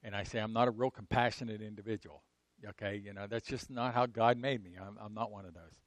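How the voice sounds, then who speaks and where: A middle-aged man preaching a sermon in a conversational way, swinging from loud emphatic bursts to soft asides and asking his listeners frequent rhetorical questions. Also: lowish voice, steady tone, brisk, dry recording. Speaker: pastor.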